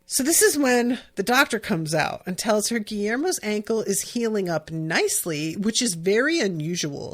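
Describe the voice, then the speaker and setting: A woman's voice: medium pitch, sing-song, normal speed, hardly any pauses. Chatty woman podcast host. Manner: chatty and rambling, with many fillers and restarts. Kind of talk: casual podcast recap.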